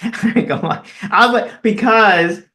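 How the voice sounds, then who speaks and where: A man's voice: high voice, moderate pace, sharp tone. Rambling, filler-heavy male co-host. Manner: rambling, full of "you know" fillers. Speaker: podcast co-host. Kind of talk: casual chat.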